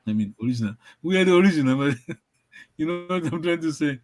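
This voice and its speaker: A man's voice: on the high side, animated, fast talker, faint music behind, low-quality recording. A man teaching a language over a video call, encouraging and repetitive, often laughing. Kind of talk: online language lesson.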